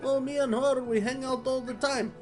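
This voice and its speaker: A man doing a high, squeaky falsetto impression of a cheerful, chummy cartoon mouse, with music behind. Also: very animated, moderate pace, fairly bright tone, exaggerated voice. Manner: eager, chummy, reassuring.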